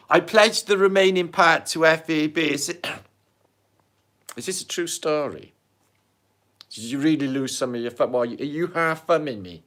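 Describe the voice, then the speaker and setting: A British man hosts a casual livestream, talking straight to his viewers as he reads their comments. His voice is lively, rising and falling a lot. He chats in a jokey, sweary way and swings between loud and hushed. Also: on the high side. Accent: British English. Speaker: livestream host.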